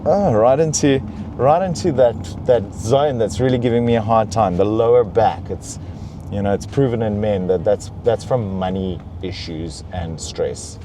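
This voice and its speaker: A man's voice: lowish voice, unhurried, background noise. A young man hosting a comedic car review from a car's back seat, in a playful, mock-pampered way. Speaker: host reviewing a luxury car.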